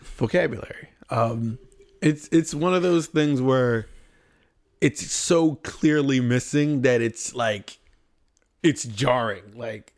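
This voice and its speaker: A young man co-hosting a casual podcast chat, animated and swearing freely. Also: medium pitch, slow pace. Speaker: podcast co-host, streamer.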